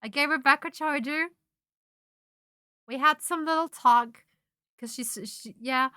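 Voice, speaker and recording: A young woman streamer in casual chat, telling a rambling, animated story full of restarts and self-interruptions. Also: sits high, unhurried, dry recording, studio quality. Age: young adult.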